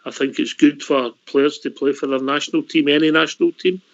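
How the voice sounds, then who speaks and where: A man with a Scottish accent hosting a call-in radio show, speaking in a measured, diplomatic way. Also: fairly high pitch, fairly even intonation, dull audio. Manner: measured, diplomatic, calls people mate. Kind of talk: casual chat.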